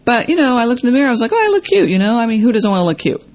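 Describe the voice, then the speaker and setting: A woman hosting a casual self-help talk to viewers, chatty and full of fillers, acting out quoted lines in a higher voice. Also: very fast, a little mellow. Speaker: host.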